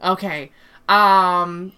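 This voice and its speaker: A woman's voice: on the low side, fairly even intonation, drawn-out words, pushed and bright, clean tone. A young adult woman hosting a casual chat show, brash and swearing freely. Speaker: show host.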